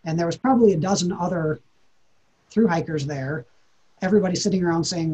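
A man's voice: on the high side, brisk, long pauses, dark tone, husky, muffled recording. A man, a podcast guest, telling a personal story in an earnest, reflective way, often repeating words as he thinks.

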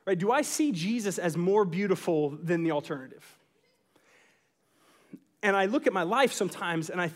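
A man in his thirties preaching a sermon, telling a family story with animated asides and acting out quotes. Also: high voice. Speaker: pastor.

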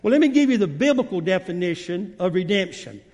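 A man's voice: high voice, expressive, a little fast, darkish tone. A man preaching a sermon as guest preacher, in a folksy way with many fillers. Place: church sanctuary. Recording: long reverb of a church hall.

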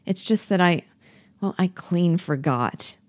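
A woman's voice: fairly low pitch, lively intonation, takes it slowly, no room sound. A woman reading the part of an awkward, guilty young man who keeps apologizing. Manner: apologetic, curt. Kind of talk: play reading.

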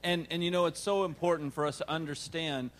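A man's voice: on the high side, steady tone, fast, fairly bright tone, slight background noise. A man preaching a sermon as pastor, emphatic and building with rhetorical questions.

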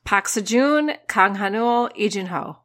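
A woman's voice: medium pitch, expressive, a little slow, a bit bright. A woman co-hosting a casual podcast chat, dramatic, sighing and stammering as she thinks aloud. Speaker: podcast co-host.

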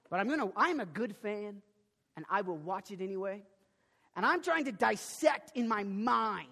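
A young male preacher with a high voice, telling a story from the pulpit. He is animated, stumbles over restarts and breaks into sudden loud bursts. His voice rings with the long echo of a big hall. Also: normal speed, pauses often. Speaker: pastor. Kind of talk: sermon with personal storytelling. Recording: long reverb of a large hall.

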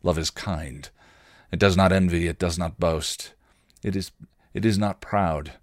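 A man voicing a sardonic male vampire, with a British accent that slips in and out, speaking low and sly. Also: fairly even intonation, measured pace, no echo, studio quality. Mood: tender. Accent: British, only in patches.

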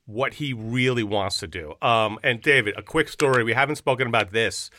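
Male podcast co-host, hyped and slangy, bright edge to the voice. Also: medium pitch, moderate pace. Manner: animated, hype-filled banter with slang. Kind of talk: casual podcast chat.

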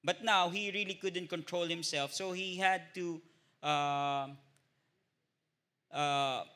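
A man with a Filipino accent leads an informal Bible study with a fairly high, bright, sharp voice. He talks in halting stretches, filling gaps with "uh" and checking in with a quick "no?". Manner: hesitant, many filler "uh"s and tag "no?".

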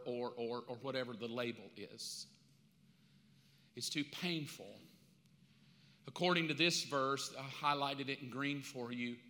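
An older man preaching a sermon as pastor, animated and jokey, and openly confessional. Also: mid-range voice. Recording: echoey church hall.

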